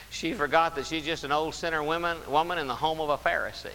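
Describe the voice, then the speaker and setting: The sermon comes from a man with a fairly high voice, pushed and bright, though his intonation stays fairly even. He drags out his stresses and repeats phrases emphatically, and a roomy hall echo with light hiss surrounds him.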